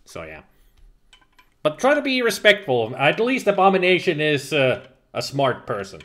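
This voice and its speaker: A man's voice: on the high side, wildly swooping pitch, normal speed, fairly bright tone. A man from Finland, hosting a livestream and chatting casually as he reads the live chat, laughing often and restarting words. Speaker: livestream host.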